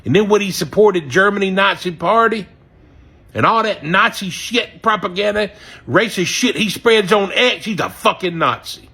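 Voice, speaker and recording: A man from outside Memphis talks straight to the camera in a heated, profane rant. His voice is husky and worn. He swings from loud outbursts down to low, bitter mutters. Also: animated, normal speed. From Southern US, near Memphis. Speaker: regretful voter. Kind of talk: angry direct-to-camera rant.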